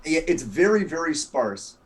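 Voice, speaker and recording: A man's voice: fairly high pitch, very animated, normal speed. A man joining a casual chat as a guest over a video call, bantering in a goofy, self-mocking way.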